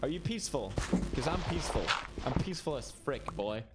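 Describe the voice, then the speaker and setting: A man's voice: mid-range voice, expressive, brisk, heavy background noise. A young man streaming a game, giving playful, jokey commentary and talking to the characters on screen. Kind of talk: gameplay commentary.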